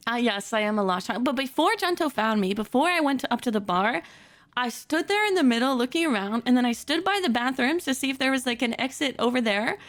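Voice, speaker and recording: A woman streamer at home at her computer, telling a story in a casual chat, animated and giggly, with lots of fillers and self-corrections. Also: high voice, brisk.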